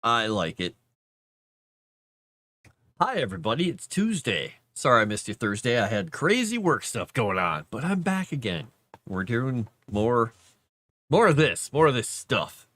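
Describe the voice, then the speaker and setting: A man chats on his livestream in a loose, rambling way, tossing out playful asides to his viewers. His pitch swings widely and animatedly. The sound is dry and close, with no room around it. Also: very animated, unhurried, long pauses, a bit bright, no echo. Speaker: streamer and game writer. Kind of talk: casual livestream chat.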